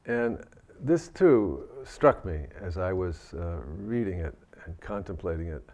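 A man giving a Buddhist dharma talk, gentle and reflective, often restarting his sentences. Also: sits low, lively intonation, unhurried. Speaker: Buddhist teacher.

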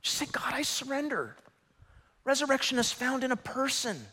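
A man preaching a sermon as pastor, with dramatic swings that swell into shouts. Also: extremely high pitch, big pitch swings, normal speed, breathy edge. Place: church auditorium. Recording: large hall reverb.

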